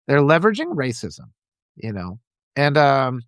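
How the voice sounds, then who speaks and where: A man's voice: medium pitch, wildly swooping pitch, measured pace, no echo, studio quality. A man hosting a livestream, giving impassioned political commentary and reading out viewers' chat, often repeating phrases for emphasis. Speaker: livestream host.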